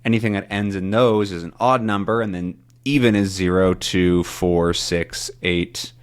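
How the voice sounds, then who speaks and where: Slow-speaking man teaching English. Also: sits low, fairly even intonation. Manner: slow, clear explanations for learners. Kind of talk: reading a comic aloud for learners.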